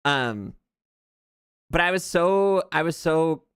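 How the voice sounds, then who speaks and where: Man, light southern accent, casual streamer chat, rambling tangents, smooth clear voice, dry close sound. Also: a little high, animated, takes it slowly, fairly bright tone, dry recording. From southern United States. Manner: rambling, drifts into tangents and laughs often. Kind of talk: casual chat while gaming.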